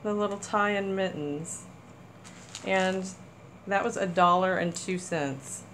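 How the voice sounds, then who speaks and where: A woman hosting a casual crafting haul video, gushing with excitement over small items. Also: mid-range voice, slow pace, slight background noise, poor audio. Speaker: crafting channel host. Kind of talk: casual haul chat to camera.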